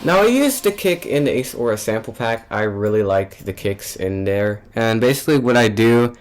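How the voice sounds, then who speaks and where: A man's voice: on the low side, expressive, normal speed, faint music behind. Offhand young man explaining his beat. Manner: loose and offhand, with many fillers and restarts. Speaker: music producer. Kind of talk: casual tutorial narration.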